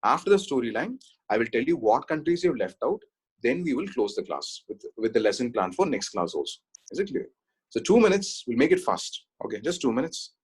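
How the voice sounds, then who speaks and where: A man's voice: mid-range voice, sing-song, a little fast, slightly rough. A man teaching an exam-prep class, telling stories and often checking that students follow. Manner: storytelling with frequent check-ins. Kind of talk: online exam-prep lecture.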